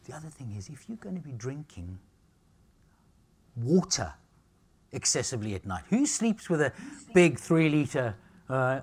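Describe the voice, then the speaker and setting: Husky and mid-pitched with big swings, this Australian man speaks at a moderate pace during a live health seminar for an audience. As a nutrition speaker, he's blunt, jokes around, and swears casually.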